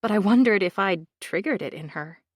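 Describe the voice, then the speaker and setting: A woman narrates a thriller audiobook in the first person, in an intimate, confessional way. Her pitch moves a lot, and the recording is dry and close with no room sound. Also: animated, fairly quick, no room sound.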